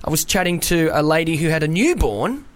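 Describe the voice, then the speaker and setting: Lively young radio host. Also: male voice, a little high, a little fast. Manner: animated storytelling, acts out other voices, swears freely. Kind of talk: casual radio chat. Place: radio studio.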